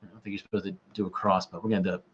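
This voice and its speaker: A man's voice: deep voice, level tone, very fast, breathy edge. A man hosting a casual trivia livestream, joking around and rambling in a self-deprecating way. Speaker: quiz host. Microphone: camera mic. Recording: dull lo-fi livestream audio.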